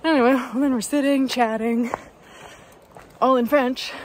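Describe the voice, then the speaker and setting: A woman's voice: high voice, fairly even intonation, unhurried, a little hiss or hum. A young woman from Canada chatting upbeat to her camera outdoors on a hiking trail, telling a story with lots of fillers. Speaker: hiker vlogger. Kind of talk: casual chat to camera.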